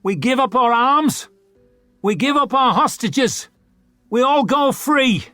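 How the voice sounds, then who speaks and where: A man's voice: extremely high pitch, animated, takes it slowly, bright, forceful tone, no room sound, voice pushed up, full character voice. A defiant rebel leader in an audiobook, his voice lifted well above a plain speaking tone. He makes his demands in firm, declaring phrases, as a man puts him on. The sound is close and dry. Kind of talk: audiobook character voice.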